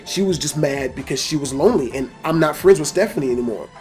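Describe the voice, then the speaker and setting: A man's voice: fairly high pitch, quick pace, soft background music. A man telling a personal story in a casual vlog, swearing often and acting out the scenes. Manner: profane, animated storytelling. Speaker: storytelling video host.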